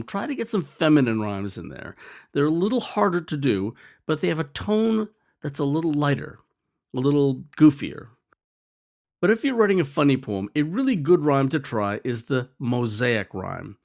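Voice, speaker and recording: Male narrator for a scripted explainer lesson, wry and animated, with an expressive, varied pitch. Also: moderate pace, creaky. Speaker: teacher.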